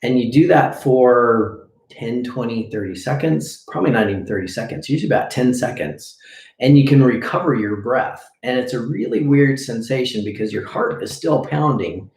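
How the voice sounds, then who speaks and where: A man's voice: medium pitch, animated, normal speed, a little mellow. A man as a breathing coach teaching a live lesson, demonstrating drills as he explains and often checking in with "okay?". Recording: echoey room.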